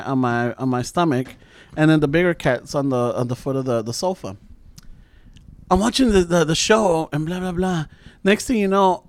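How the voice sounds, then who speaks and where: Animated man telling a spooky story. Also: on the high side, dry recording. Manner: animated storytelling, swearing, mixes in Spanish. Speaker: storyteller guest. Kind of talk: casual chat.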